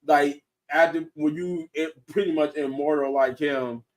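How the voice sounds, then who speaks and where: A man hosting a podcast in casual chat, excitable and laughing often, restarting his sentences as he talks. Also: fairly high pitch, unhurried, recorded from a distance. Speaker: podcast host. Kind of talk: casual chat reviewing shows and movies.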